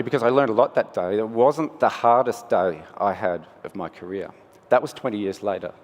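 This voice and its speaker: Man telling a story in a reverberant hall. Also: medium pitch. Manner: anecdotal, conversational storytelling. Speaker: conference speaker, scientist. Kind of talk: storytelling conference talk. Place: conference hall.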